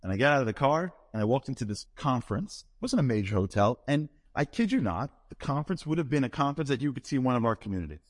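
A man telling a humorous story to a live audience in a lively, playful, self-deprecating way. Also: medium pitch, quick pace, hardly any pauses. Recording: long hall reverb.

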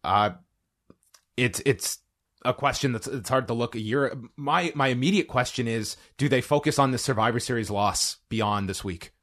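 A man's voice: mid-range voice, moderate pace, fairly bright tone. A man co-hosting a wrestling talk show, thinking aloud in a casual, analytical way with frequent restarts. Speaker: podcast co-host.

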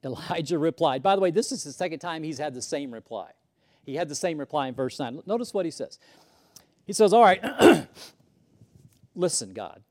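A man preaching a sermon, moving from loud emphasis to hushed whispers and often repeating words as he starts a sentence. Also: fairly high pitch, lively intonation, a little fast. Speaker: pastor.

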